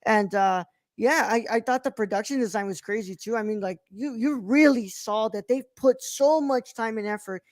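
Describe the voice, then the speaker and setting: A woman with a higher-pitched voice talks through a movie in loose podcast chat. She rambles, restarts her sentences and gushes about what she loved. The sound is close and dry. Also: moderate pace, darkish tone, dry recording. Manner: rambling, many restarts, enthusiastic. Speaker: podcast co-host. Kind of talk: casual film review chat.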